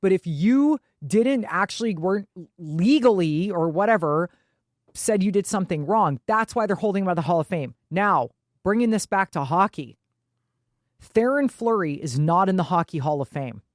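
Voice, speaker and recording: A woman's voice: fairly low pitch, lively intonation, normal speed, no echo, studio quality. A woman co-hosting a sports podcast, talking bluntly in casual chat. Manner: blunt, chatty. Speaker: podcast co-host.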